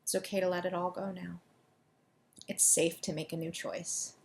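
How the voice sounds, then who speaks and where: A woman coaching listeners through an EFT tapping session, giving quick, soothing directions and leading affirmations for them to repeat. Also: lowish voice, level tone, creaky, darkish tone, a little hiss or hum. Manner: deliberately quick delivery.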